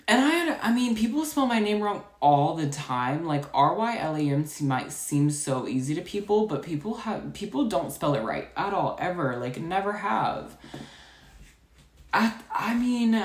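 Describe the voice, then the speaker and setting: A woman telling a customer-service story in a chatty, rapid, animated way, full of filler words. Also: low-pitched. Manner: chatty, full of "like" and "you know". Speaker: storytime vlogger. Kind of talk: casual storytelling. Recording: echoey room.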